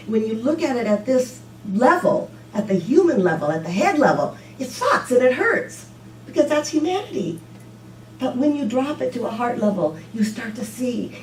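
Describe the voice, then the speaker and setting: Woman minister, informal sermon, talky and animated, heard from a distance in a roomy hall with a faint hum. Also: mid-range voice. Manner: conversational, repeats "you know", animated when telling stories. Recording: echoey room, mic at a distance.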